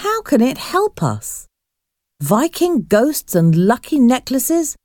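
A woman's voice: sits high, very animated, slow pace, darkish tone, no room sound, clean studio sound, pitched above the performer's own voice, heavily acted. A woman voicing a cautious, worried young woman caught on a ghost ship.

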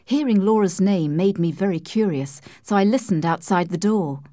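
A calm woman narrates a scripted story as an audiobook reader, her mid-range voice moving at a moderate pace. The studio recording is clean, with no echo.

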